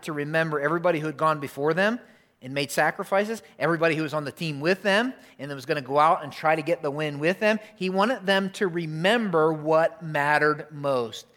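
A man's voice: a little high, a little fast, a bit bright. Conversational man preaching with repeated lines. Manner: conversational preaching, sports analogies, asks the congregation questions; repeats key lines for emphasis. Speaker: pastor. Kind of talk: sermon. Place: church auditorium.

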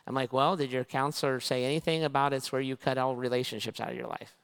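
A man's voice: mid-range voice, fast talker, smooth. Male pastor preaching in a reverberant hall. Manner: animated storytelling, acting out both sides of conversations. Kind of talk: sermon. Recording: long reverb of a large hall.

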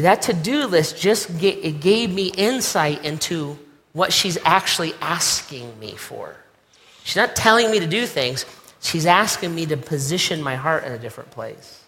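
Man, middle-aged, pastor, sermon, repeats key lines, bright tone, reverberant hall. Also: a little high, animated, a little slow. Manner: conversational, acts out quoted voices, repeats key lines.

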